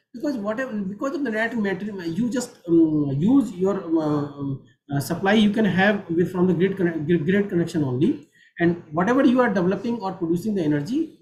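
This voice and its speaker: A man with an Indian English accent giving an online technical lecture, halting with many fillers and restarts. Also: high-pitched, lively intonation, darkish tone, rough recording. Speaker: guest lecturer.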